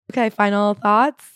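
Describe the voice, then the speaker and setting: A woman co-hosting a casual book podcast, retelling a story with animated acted-out quotes and frequent swearing. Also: mid-range voice, clean tone, dry recording, studio quality. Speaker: podcast co-host. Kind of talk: casual book-recap chat.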